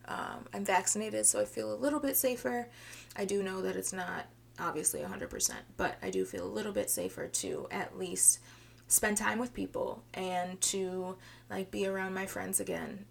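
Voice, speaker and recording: A young adult woman chats through her solo podcast in a rambling, filler-heavy way. Her voice sounds strained and a little hoarse, with a gravelly fry. A faint hiss of noise sits under the recording. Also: medium pitch. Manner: chatty, rambling, many fillers. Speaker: podcast host. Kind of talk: casual solo podcast chat.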